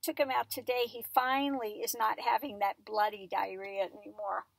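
A tarot reader, a woman, chatting casually at home in a rambling way and cooing softly to her dog in between. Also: mid-range voice, level tone, moderate pace, gravelly, no room sound. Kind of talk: casual chat.

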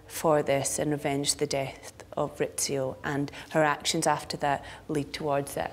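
Low-voiced actress. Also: female voice, little pitch movement, a little slow, few pauses, a little hiss or hum. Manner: reflective, thinking aloud, sometimes dropping to a near whisper. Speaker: stage actress, interviewee. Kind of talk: interview about her role.

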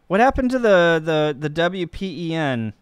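A man from Missouri, a ham radio operator, chatting casually and joking on a live stream while he works the radio and thinks out loud. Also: on the high side, very animated, moderate pace, clean tone, no echo. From Missouri, USA.

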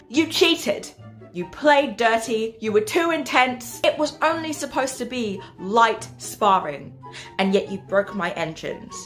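A woman playing a smug, formal young man in a cosplay comedy skit, speaking calmly and deliberately. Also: fairly high pitch. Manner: calm, measured and smug.

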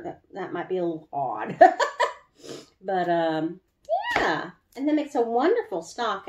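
A woman's voice: mid-range voice, a little mellow, reverberant, slight background noise. A woman chatting casually through a home cooking how-to in her kitchen, laughing often and drawing out some words. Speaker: home brewing vlogger.

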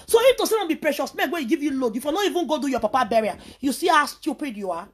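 A woman's voice: high-pitched, expressive, rapid-fire. A woman from Nigeria with a Nigerian Pidgin English accent, delivering a heated, scolding rant full of repetitions. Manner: heated, scolding, repeats herself. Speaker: social media personality. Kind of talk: angry ranting monologue.

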